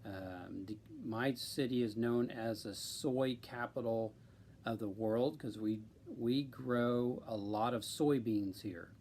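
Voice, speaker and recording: A man from central Illinois, chatting casually on a live stream and speaking slowly and deliberately with many ums. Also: mid-range voice, fairly even intonation, a little mellow, slight background noise. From central Illinois, USA.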